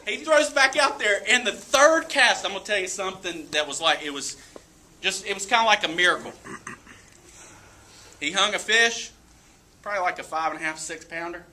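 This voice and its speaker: A man giving a motivational talk to a live audience, telling a story in an animated way with frequent laughs. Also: high voice, normal speed, long pauses, slight background noise. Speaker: motivational speaker. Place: event room with an audience.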